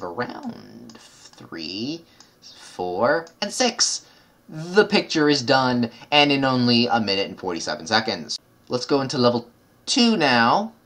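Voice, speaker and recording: Thinking aloud as he solves puzzles, this gaming video creator mutters numbers quietly and keeps correcting himself. His voice is medium in pitch with a fairly bright tone, and his casual commentary is full of chatty asides.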